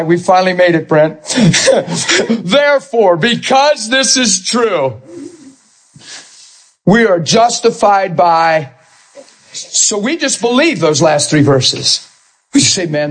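Husky, animated man preaching a sermon. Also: slow, long pauses, poor audio. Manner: animated preacher, swings between soft asides and high, straining peaks. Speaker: pastor.

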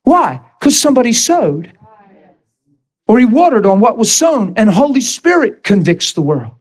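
High-voiced man preaching with passion. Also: sing-song, normal speed, breathy edge. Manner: passionate, repetitive storytelling with bursts of shouting. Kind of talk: sermon.

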